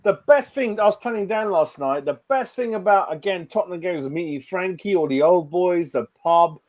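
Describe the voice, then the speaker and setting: A man's voice: sits high, moderate pace, a little mellow. A man hosting a sweary post-match reaction chat, brash and matey, calling everyone "mate" and "bro".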